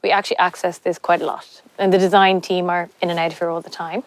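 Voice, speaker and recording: Chatty Irish woman, slightly low voice. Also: little pitch movement, fast. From Ireland. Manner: chatty, fills with "like" and "kind of". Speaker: fashion designer. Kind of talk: casual reflective interview.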